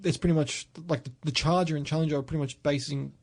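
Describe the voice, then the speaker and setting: Aussie guy rambling about cars on a podcast, kinda gravelly and a bit high. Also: fairly even intonation, fast, a little mellow. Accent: Australian. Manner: enthusiastic car talk, many restarts. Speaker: podcast host. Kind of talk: casual chat.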